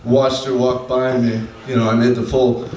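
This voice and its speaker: A man doing a stand-up comedy set on a club stage, deadpan, slowing down for his punchlines. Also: mid-range voice, slight background noise. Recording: echoey room from a distant mic, faint ambience.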